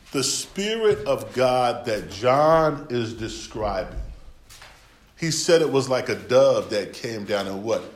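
A man's voice: fairly low pitch, reverberant, slight background noise. A man from the United States preaching a sermon in plain, slangy African American English, joking and laughing often as he reads and explains scripture.

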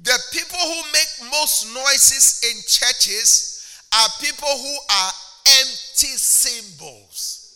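High, bright-voiced preacher in a reverberant hall. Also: male voice, takes it slowly, faint music behind. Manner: preaching with props and mocking impressions of churchgoers. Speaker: pastor. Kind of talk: sermon.

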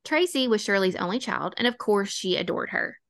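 A woman's voice: medium pitch, expressive, a bit bright, no room sound, clean studio sound. A woman with a Southern American accent co-hosting a casual true-crime podcast, opinionated and sarcastic. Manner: opinionated, sarcastic, quick to laugh. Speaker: podcast co-host.

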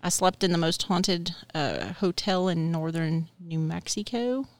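A woman's voice: on the low side, animated, a little slow, no echo. A middle-aged woman from Texas chatting as a podcast guest, telling self-deprecating stories with a laugh. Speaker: utility company CEO, podcast guest. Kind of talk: casual chat.

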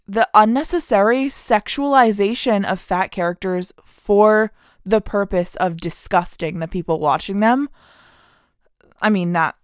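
Animated ranting woman podcast host, smooth voice. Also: medium pitch, no echo, studio quality. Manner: animated, indignant, laughs often, lots of "like". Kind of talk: podcast rant.

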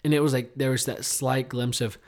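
A man co-hosting a casual talk show, telling a story in a rambling way with lots of fillers and restarts, trailing off quietly at heavy moments. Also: medium pitch, fairly even intonation, fairly quick. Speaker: podcast co-host. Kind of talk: casual chat.

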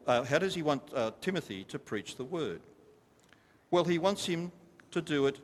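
A man's voice: fairly high pitch, animated, normal speed. Guy preaching a sermon, asks the crowd stuff, punchy repeats, long echo off the church walls. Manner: emphatic, repetitive, asks the congregation questions. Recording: long reverb of a large hall.

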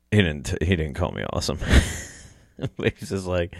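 A man's voice: low voice, big pitch swings, moderate pace, vocal fry, pauses often, dry recording, studio quality. A young man telling an emotional story about a friend, choking up and swearing, laughing through the tears. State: choked up, close to tears. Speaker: hunting personality.

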